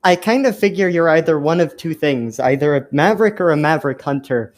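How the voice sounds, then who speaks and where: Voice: medium pitch, animated, fairly quick, natural voice. A player voicing a mouthy winged reploid in a tabletop game, argumentative and stammering. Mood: defiant.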